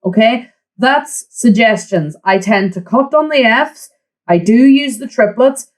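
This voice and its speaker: Encouraging flute teacher. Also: female voice, a little high, measured pace, poor audio. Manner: encouraging, counts in the student. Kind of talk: online music lesson.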